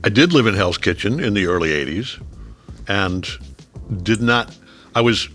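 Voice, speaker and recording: Very deep-voiced man in his seventies. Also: moderate pace, faint music behind. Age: 70s. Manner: relaxed storytelling, drops low and quiet on reflective moments. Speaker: guest. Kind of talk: casual chat over a meal.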